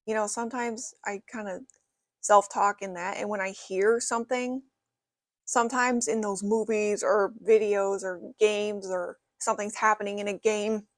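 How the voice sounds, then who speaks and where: A woman's voice: mid-range voice, steady tone, normal speed, no room sound. A young woman talking casually to camera from her bedroom, rambling with many "you know" fillers. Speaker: vlogger. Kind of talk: casual vlog talk to camera.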